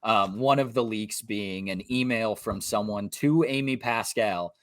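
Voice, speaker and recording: A man's voice: fairly low pitch, measured pace, no echo, studio quality. A man co-hosting a podcast, talking casually and animatedly about films, swearing freely and acting out characters. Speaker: podcast co-host. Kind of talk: casual film review chat.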